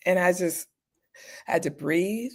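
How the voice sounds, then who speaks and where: A woman's voice: on the low side, slow pace, creaky. Candid middle-aged woman telling stories. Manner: candid, animated, acts out quoted people. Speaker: guest, medical doctor. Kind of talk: personal storytelling in an interview.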